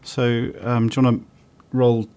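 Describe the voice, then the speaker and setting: A British man running a tabletop game as dungeon master, relaxed and chatty with lots of ums and easy laughs. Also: medium pitch, unhurried, clean tone.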